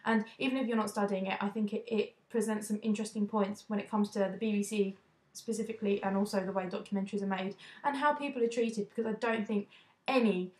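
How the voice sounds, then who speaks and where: A young woman from the UK giving a casual, indignant opinion vlog, talking quickly and often restarting her sentences. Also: mid-range voice, steady tone, a little mellow. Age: young adult. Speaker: vlogger. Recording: echoey room.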